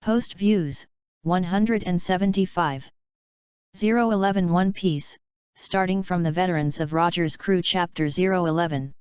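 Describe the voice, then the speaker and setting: Woman narrating a story, kinda low voice, super clear, dry dull sound. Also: moderate pace, darkish tone, dry recording. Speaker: audiobook reader. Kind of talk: scripted narration.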